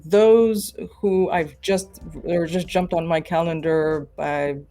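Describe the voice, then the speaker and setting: A woman's voice: lowish voice, steady tone, slow, mellow, faint music behind. A woman talking as a guest on a video call, hesitant and thinking aloud as she answers. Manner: hesitant, many fillers and restarts, thinking aloud. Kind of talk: casual conversation.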